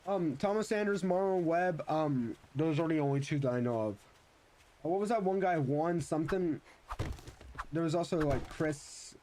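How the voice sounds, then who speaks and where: A young man with a fairly high voice chats while he plays a game on stream. He rambles in a nostalgic way and restarts his sentences often. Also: moderate pace, warm tone, slight background noise. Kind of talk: casual chat while gaming.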